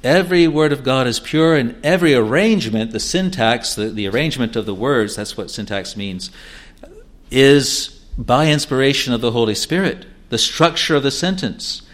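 A man preaching a sermon, measured and emphatic, often repeating words and phrases. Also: medium pitch. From New Zealand.

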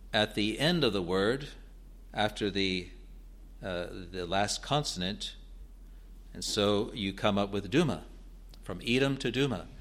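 A man preaching an expository sermon in a deliberate, earnest way, building to emphatic rises. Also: on the low side, a bit bright.

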